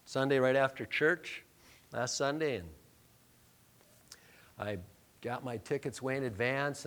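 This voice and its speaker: A man preaching a sermon, telling a personal story in a conversational, joking way, dropping to soft murmurs and rising to loud emphatic lines. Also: mid-range voice. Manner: conversational, self-deprecating, jokey asides. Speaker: pastor.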